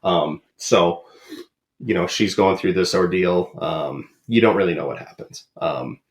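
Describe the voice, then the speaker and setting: Low gravelly man, rambling podcast chat. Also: a little slow. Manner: rambling, many ums and uhs. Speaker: podcast co-host. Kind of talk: casual chat.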